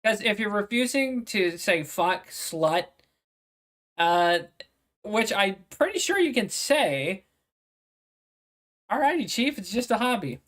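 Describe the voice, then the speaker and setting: A woman's voice: medium pitch, big pitch swings, slow pace, pauses often. A woman reaction streamer giving mocking, sarcastic and profane commentary over a clip.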